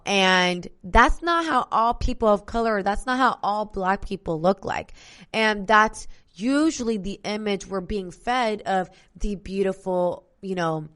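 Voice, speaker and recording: Smooth-voiced chatty woman podcast host. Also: mid-range voice. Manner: chatty, addresses listeners directly, sarcastic asides. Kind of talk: casual solo podcast talk.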